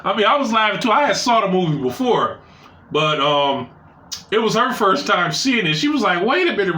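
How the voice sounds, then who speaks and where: Animated, bright-voiced man telling crude stories. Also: brisk, reverberant. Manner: loose, crude storytelling with shifting pitch. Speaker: storyteller. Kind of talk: casual story time.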